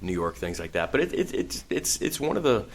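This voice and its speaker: A man from Texas, a guest in a radio studio, talking in a relaxed, rambling way and often restarting his sentences. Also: fairly low pitch, fairly quick. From Texas, USA. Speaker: guest actor. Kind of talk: casual studio interview.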